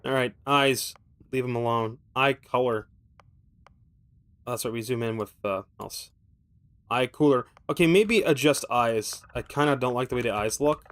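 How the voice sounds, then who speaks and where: A male streamer talking through a game in casual commentary, full of loose, profane rambling. His pitch sits in an ordinary middle range, and he tosses off dry jokes at his own expense as he goes. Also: normal speed. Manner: rambling, profane, thinking aloud; wry, self-mocking asides.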